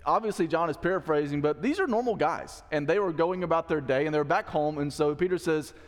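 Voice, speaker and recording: A man's voice: fairly high pitch, a little fast. A pastor giving a conversational sermon in church, acting out the quoted lines of the story he is teaching. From Mississippi. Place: church sanctuary. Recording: long church hall reverb.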